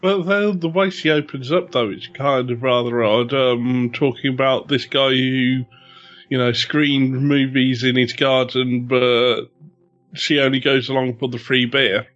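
Measured man on slightly dull audio. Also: medium pitch, fairly even intonation, a bit bright. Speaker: podcast co-host. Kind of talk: casual chat.

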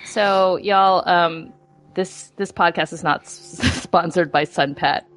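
A woman's voice: fairly low pitch, takes it slowly, a bit bright, faint music behind. A woman co-hosting a podcast, chatting in a blunt, wry way. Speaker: podcast co-host. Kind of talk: casual chat.

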